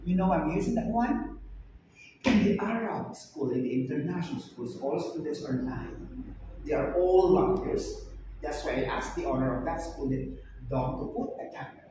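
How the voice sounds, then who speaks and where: A male English teacher giving a classroom lesson, speaking loudly and emphatically, repeating points and pressing students to answer. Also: high voice, sing-song, moderate pace, background noise. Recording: far-off echoey classroom recording.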